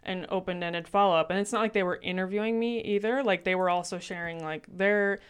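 Woman co-host, very clear smooth voice, easygoing chat full of fillers. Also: medium pitch. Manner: relaxed, heavy use of fillers, quick teasing quips. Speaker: podcast co-host. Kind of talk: casual conversation.

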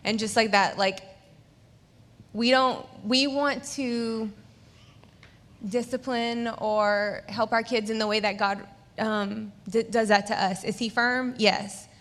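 A woman co-preaching at a church, speaking earnestly in steady phrases. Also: on the high side, takes it slowly. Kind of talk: sermon. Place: church hall. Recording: long hall reverb from a church.

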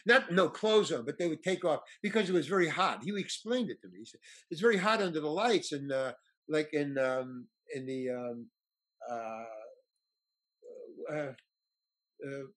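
A guest storyteller with a fairly high, slightly rough voice spins a long anecdote in casual conversation. He's animated and acts out the voices of the people he quotes.

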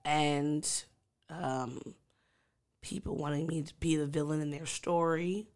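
A chatty woman from the New York area, co-hosting a podcast in casual, expressive talk. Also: deep voice, slow pace, clean tone. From New York or Long Island. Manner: chatty, expressive, talks with her hands. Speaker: podcast co-host. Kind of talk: casual chat.

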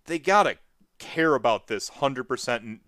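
A man in casual chat who talks in an animated rush, jumping up in pitch and circling back over his own words. He keeps starting sentences over and piling on fillers. The sound is dry and close, with no room around him. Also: normal speed, dry recording. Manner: animated, rambling with many restarts and fillers. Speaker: podcast co-host.

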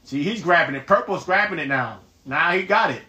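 A man calls out a shooter game on a live stream, cursing at his teammates and jumping into shouts. His voice sits high and swings widely in pitch. The sound bounces around an echoey room. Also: a little fast. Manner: profane, trash-talking teammates; excitable, bursts into shouting. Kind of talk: live gameplay commentary.

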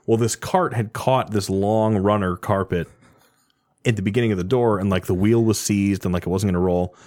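A man with a low voice tells a rowdy story in casual conversation. He swears freely, keeps breaking into laughter and stays animated throughout. The sound is dry and close. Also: normal speed, dry recording. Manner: animated, laughing often, profane. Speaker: storyteller guest.

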